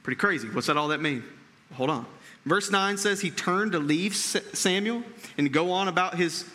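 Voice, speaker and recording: Male pastor, sermon, conversational, repeats words while thinking, bright tense voice, long church reverb. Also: sits high, normal speed. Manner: conversational preaching with frequent check-ins to the audience.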